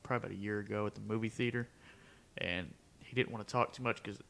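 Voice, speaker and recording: A man's voice: on the low side, fairly even intonation, fast, gravelly, a bit bright. A young man on a podcast, telling a long story in casual chat and acting out the quotes, dropping "bro" and "dude" often. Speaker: podcast co-host.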